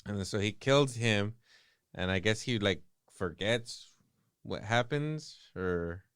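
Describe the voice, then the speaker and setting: Deep-voiced man, loose profane podcast chat. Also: expressive, slow, a bit bright, clean tone, no echo, studio quality. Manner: loose, profane, laughs often, acts out quotes. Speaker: podcast co-host. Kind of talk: casual chat retelling a film plot.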